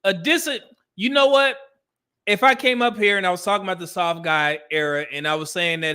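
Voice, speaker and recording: A man's voice: high-pitched, expressive, normal speed, bright, forceful tone. A man hosting a livestream, reacting to a clip with blunt, exasperated commentary and calling viewers brother. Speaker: host reacting to a video.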